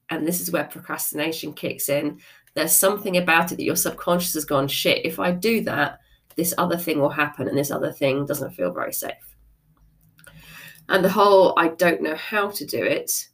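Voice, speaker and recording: Frank woman with a gravelly, lively voice. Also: on the low side. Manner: frank and conversational, with casual swearing. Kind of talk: motivational talk.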